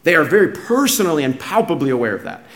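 A man's voice: fairly high pitch, very animated, fast talker. Emphatic preacher man. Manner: emphatic, restarts phrases, swings from hushed to raised. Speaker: pastor. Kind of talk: sermon.

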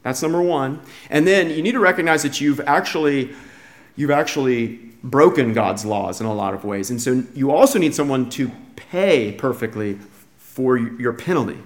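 A man's voice: medium pitch, normal speed. A man preaching a sermon, earnest and emphatic, often repeating words as he restarts a thought. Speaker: pastor.

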